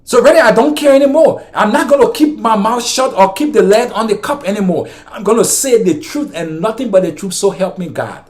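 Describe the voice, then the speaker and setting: A man's voice: sits high, animated, a little fast, few pauses. A Liberian man with a Liberian accent, delivering an impassioned political commentary monologue to his viewers, ranting and often repeating himself. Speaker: vlogger.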